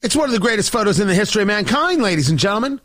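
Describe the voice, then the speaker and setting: Animated, sarcastic male political commentator. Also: high-pitched, very fast. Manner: sarcastic, theatrical, addresses the audience directly. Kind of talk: opinionated political monologue.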